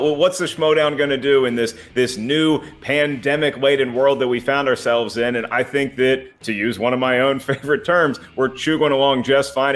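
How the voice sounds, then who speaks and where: A man's voice: medium pitch, fairly bright tone. A man co-hosting a competition show, offering wry, teasing banter and analysis. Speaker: co-host.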